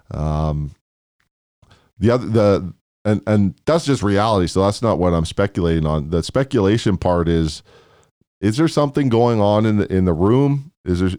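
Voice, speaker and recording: A Canadian man co-hosting a casual sports chat, laid-back and musing, thinking aloud with many pauses. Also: low-pitched, a little mellow, no room sound, clean studio sound. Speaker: co-host.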